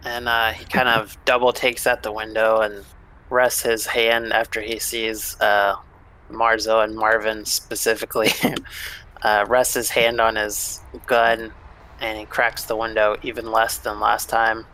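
A man's voice: lowish voice, monotone, a little slow, sharp tone, a little hiss or hum, low-quality recording. A man narrating as game master of a tabletop role-playing game, in a loose, laid-back way with frequent fillers.

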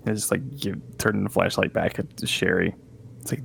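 Male player, very gravelly low voice, faint hiss, joking banter. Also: moderate pace, a bit bright. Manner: laughs often, jokey in-character banter. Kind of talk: playing a tabletop game.

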